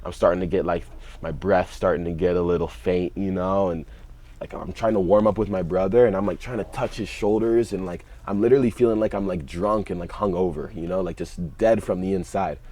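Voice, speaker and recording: A man's voice: deep voice, steady tone, brisk, warm tone. A young man telling a story in a laid-back way, with lots of "you know" and "like". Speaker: podcast guest, fighter. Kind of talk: casual storytelling.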